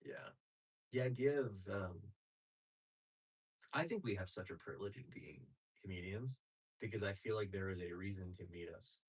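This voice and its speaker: A man's voice: low-pitched, moderate pace, pauses often, slightly rough, rough recording. A man who works as a comedian, chatting casually on a podcast and musing his way through thoughts that trail off.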